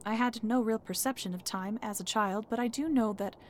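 A woman telling a first-person story in a calm, measured narration. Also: a little high, a little hiss or hum. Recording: music bed under the voice.

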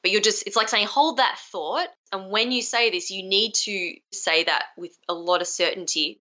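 A woman's voice: medium pitch, steady tone, normal speed, pushed and bright, highs cut off. A young adult woman, a communication skills coach, being interviewed over a video call, talking energetically and acting out example phrases.

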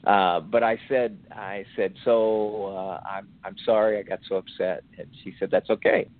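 A man's voice: lowish voice, steady tone. Older man telling a faith story over thin, phone-like audio. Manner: slow, reflective, halting with fillers. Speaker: podcast guest.

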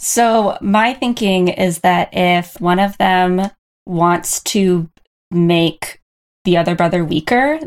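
A woman playing a tabletop game, eagerly thinking aloud. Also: lowish voice. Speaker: player. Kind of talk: tabletop role-play.

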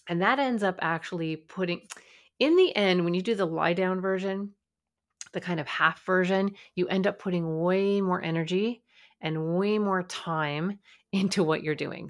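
Lowish-voiced woman parenting podcast host. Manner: conversational, animated storytelling with light laughs. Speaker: podcast host, child and family therapist. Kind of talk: solo podcast talk.

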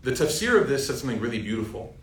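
A young man teaching an informal Quran reflection class, lively and joking, often asking the audience questions. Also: medium pitch, racing. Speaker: Islamic teacher. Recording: roomy sound from a distant mic with faint ambient noise.

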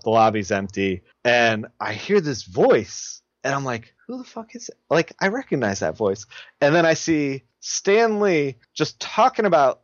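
A man's voice: medium pitch, fairly bright tone, no echo. Laughing, rambling man on a dull, dry line. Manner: rambling storyteller, laughs often, swears casually. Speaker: comic book colorist guest. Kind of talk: casual podcast chat.

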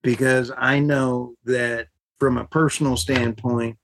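A podcast host, a woman, talking in an excitable, rambling way and getting worked up. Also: a bass voice, takes it slowly, noisy background. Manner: excitable, rambling, laughs often. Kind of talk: casual podcast chat.

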